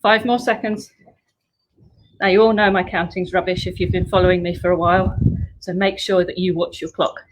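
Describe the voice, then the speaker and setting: A woman's voice: lowish voice, steady tone, normal speed, a little hiss or hum, rough recording. A woman leading a home workout class, coaching upbeat with chatty asides, a little out of breath. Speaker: fitness instructor. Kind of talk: live workout class instruction.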